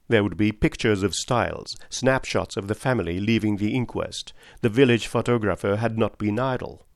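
A man narrates a story in a measured, deliberate reading. His voice is low. The recording is dry and close, with no room sound. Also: no echo. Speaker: audiobook narrator. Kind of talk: scripted narration.

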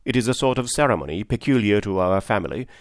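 A man narrating a story aloud in a measured, formal manner. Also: on the low side, animated, no echo, studio quality. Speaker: audiobook narrator. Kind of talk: scripted narration.

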